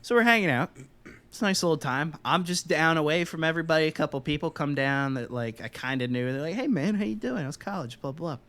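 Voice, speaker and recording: A man's voice: fairly high pitch, quick pace, sharp tone, smooth. Profane young man telling party stories. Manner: loose and profane, acts out voices in his stories. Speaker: podcast co-host. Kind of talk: casual storytelling.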